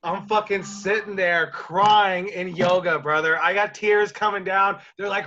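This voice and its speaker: A man's voice: sits high, steady tone, unhurried, hardly any pauses, bright, forceful tone, lo-fi sound. A man coaching wrestlers over a video call, telling a rambling personal story in a casual way, swearing often and calling his listener dude and brother.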